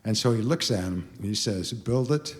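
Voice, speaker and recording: Older male singer, about 80, lowish voice, halting heartfelt stage talk, long hall reverb. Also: faint music behind. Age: around 80. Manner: halting, emotional, many restarts and fillers. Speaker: singer telling a story on stage. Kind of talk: rambling spoken stage story between songs. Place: concert hall.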